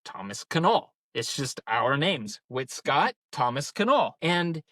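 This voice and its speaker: A man's voice: fairly high pitch, sing-song, slow, a bit bright, dry recording. A man in his thirties co-hosting a podcast, talking in a casual, rambling way and telling stories full of "like" fillers. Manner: rambling storyteller, many "like" fillers. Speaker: podcast co-host. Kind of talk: casual conversation.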